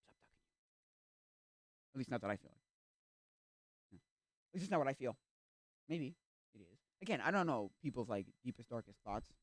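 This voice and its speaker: A male streamer in casual chat, rambling with restarts and acting out little quoted exchanges, sometimes breaking into loud rants. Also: medium pitch, very animated, normal speed, pauses often, no room sound. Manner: gets loud and ranting.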